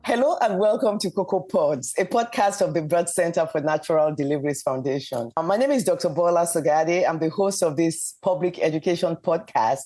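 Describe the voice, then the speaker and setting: A man hosting a public education health podcast, a doctor who asks questions in a measured way with some hesitant fillers. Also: a little high, warm tone, soft background music.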